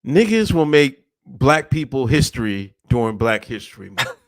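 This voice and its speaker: A man co-hosting a casual podcast with a mid-pitched, lively voice that rises and falls a lot. He curses, laughs often and reads out viewer comments, heard close and dry. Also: normal speed, no room sound. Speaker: podcast co-host.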